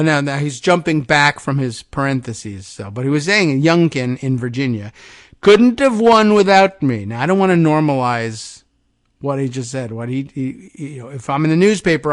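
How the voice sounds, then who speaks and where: A man's voice: medium pitch, no echo, studio quality. A man hosting a political talk show, giving loose, sarcastic commentary with mocking asides. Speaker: political podcast host. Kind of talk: talk-radio style news commentary.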